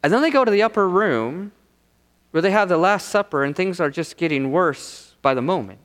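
Animated preacher in a reverberant hall. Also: male voice, sits high. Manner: animated preaching, rhetorical questions, dramatic pauses. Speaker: pastor. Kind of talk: sermon. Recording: long reverb of a large hall.

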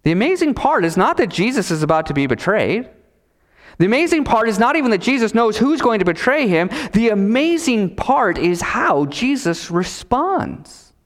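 Male pastor, sermon delivery; high, animated voice, emphatic repetition, reverberant church hall. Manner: emphatic preaching with repetition and dramatic pauses.

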